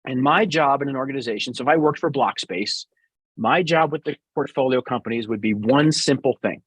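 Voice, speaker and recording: A man's voice: medium pitch, brisk, slightly rough, dry recording. A middle-aged man with a New York accent, answering interview questions bluntly and sarcastically as a business guest.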